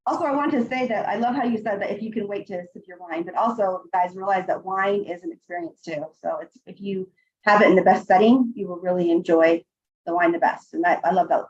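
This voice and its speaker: A woman's voice: medium pitch, fairly quick, a little mellow. An enthusiastic woman co-host chats in a casual, encouraging way on a live stream. Her audio comes through a dull, lo-fi video call.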